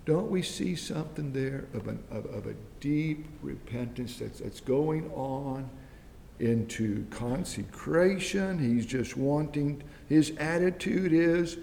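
A man preaching a fervent, pleading sermon, swinging between loud and hushed. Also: expressive, takes it slowly, vocal fry. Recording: long reverb, faint rumble.

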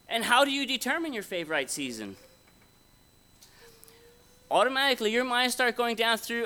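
Casting: male preacher, somewhat high, bright voice, folksy and conversational. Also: big pitch swings, fast talker. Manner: conversational, folksy, asks the audience questions. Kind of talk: sermon. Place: conference hall before an audience.

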